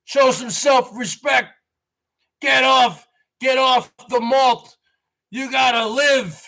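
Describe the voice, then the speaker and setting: A man voicing a loud, bullying male fitness trainer who barks orders in his face. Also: very high voice, steady tone, slow pace, creaky, voice pushed up, heavily acted. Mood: barking orders. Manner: shouting orders.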